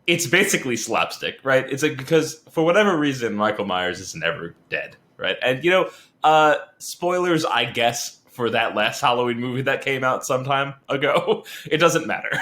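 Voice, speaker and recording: A man with a bright, forward tone talks as a podcast co-host. His pitch swings widely, and he laughs often as he chats casually. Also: lively intonation, moderate pace. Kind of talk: casual chat.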